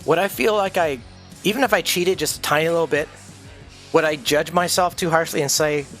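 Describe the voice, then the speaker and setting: Male streamer, high-pitched, profane and intense, rambling rant delivery; faint music bed. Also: fairly quick, fairly bright tone. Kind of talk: ranting livestream monologue.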